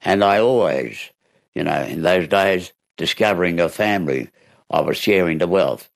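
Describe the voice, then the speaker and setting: Reminiscing as an interview guest, the Australian actor performs voices and laughs through his reflective tales. He sounds low-pitched, gravelly and expressive, speaking at a moderate pace.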